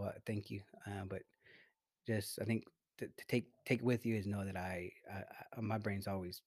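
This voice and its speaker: A man's voice: fairly low pitch, darkish tone, no echo. A man co-hosting a podcast in casual, profane chat, rambling with many restarts. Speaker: podcast co-host.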